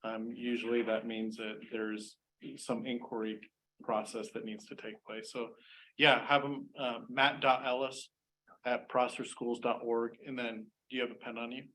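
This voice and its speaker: A man on a school board calmly explains procedures in an easygoing, informal way. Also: mid-range voice, normal speed, rough recording. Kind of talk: casual meeting discussion.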